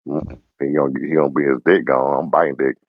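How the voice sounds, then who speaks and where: A man's voice: a bass voice, level tone, fast, dry recording, narrow, tinny audio. A man co-hosting a podcast, brash and provocative, joking through casual group banter. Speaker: podcast co-host.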